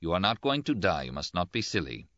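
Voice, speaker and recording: A curt, firm hospital doctor, read by a deep-voiced man. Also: sing-song, a little fast, fairly bright tone, no room sound, dull audio. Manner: firm, clipped orders.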